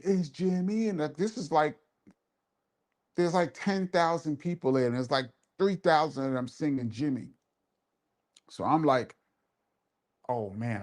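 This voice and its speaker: A man hosting a live show and telling a laid-back, laughing story in casual street slang. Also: fairly high pitch. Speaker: host and DJ.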